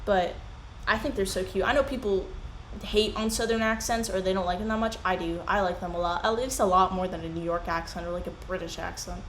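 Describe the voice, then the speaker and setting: A young woman in casual commentary chat, rambling and animated as she drifts from one tangent to the next. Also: fairly low pitch, brisk. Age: young adult. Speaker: commentary YouTuber. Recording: echoey room with faint hiss.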